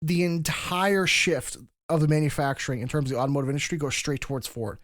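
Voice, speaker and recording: A man's voice: a little high, steady tone, fast, fairly bright tone, no room sound, clean studio sound. A man hosting a podcast, explaining history in a casual, lecturing way with frequent restarts. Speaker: podcast host.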